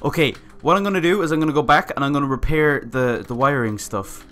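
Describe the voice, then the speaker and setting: A man giving let's-play commentary, excitable and swearing often as he reads on-screen text aloud. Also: fairly high pitch, quick pace. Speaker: gamer playing a survival game.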